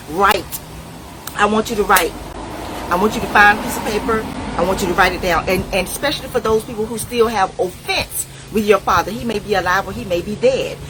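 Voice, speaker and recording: A middle-aged woman speaking, giving a preachy, animated motivational talk straight to the viewer. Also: mid-range voice, background noise. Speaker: inspirational speaker.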